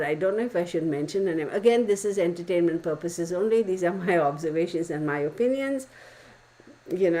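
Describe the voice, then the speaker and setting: A middle-aged woman chatting casually with her live-stream viewers, animated and gossipy, full of exclamations. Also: lowish voice. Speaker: tarot reader answering live chat.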